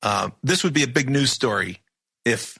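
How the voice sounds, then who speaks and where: A man's voice: mid-range voice, expressive, normal speed, sharp tone, slightly rough. A man hosting a radio news program, talking in emphatic bursts full of rhetorical questions. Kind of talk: opinionated radio talk.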